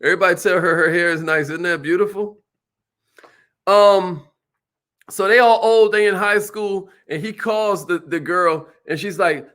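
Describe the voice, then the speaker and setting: A man giving an animated motivational sales seminar, calling out to the audience. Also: high-pitched, moderate pace. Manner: animated, preacherly, calls out to the audience. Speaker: sales trainer.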